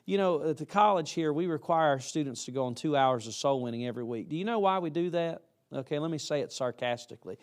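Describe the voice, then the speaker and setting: A man's voice: on the high side, lively intonation, quick pace, hardly any pauses. A man preaching a chapel sermon to college students in a folksy, emphatic way, acting out what students say.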